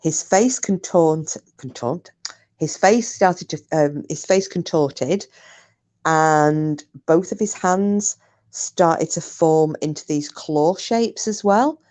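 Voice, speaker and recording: A woman narrates a true story to her viewers in a relaxed, conversational way, wandering off into asides. Her voice sits very low for a woman, and she takes her time over every phrase. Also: slow. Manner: chatty and digressive. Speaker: online storyteller. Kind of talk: casual spoken storytelling.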